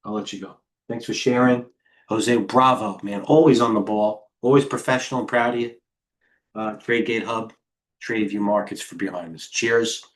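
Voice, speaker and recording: A middle-aged man hosting a live trading stream, firing off quick stock calls and muttering to himself as he trades. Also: fairly low pitch. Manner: rapid-fire ticker calls, talks to himself. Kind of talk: live market commentary while trading.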